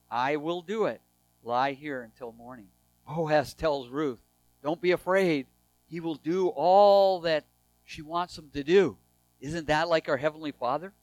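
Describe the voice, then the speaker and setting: Man, sermon, high voice, emphatic then hushed, unhurried. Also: dry recording, poor audio. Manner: emphatic, swings from raised to hushed voice. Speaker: preacher. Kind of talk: sermon with scripture reading.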